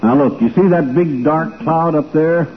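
An actor playing a folksy, blustering small-town husband who spins tall tales, in a 1940s radio comedy. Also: male voice, a little high, normal speed, creaky. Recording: tinny old radio broadcast with faint hiss.

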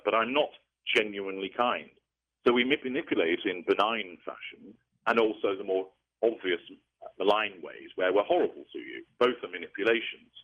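A man explaining things in a measured, lecturing way during an interview, heard over a tinny phone-like line. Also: lowish voice. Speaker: interview guest.

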